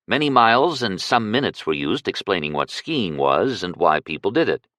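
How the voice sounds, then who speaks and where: Male narrator, lowish voice, very lively intonation, dry close sound. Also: dry recording. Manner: measured, expressive storytelling. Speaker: audiobook narrator. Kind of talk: scripted narration.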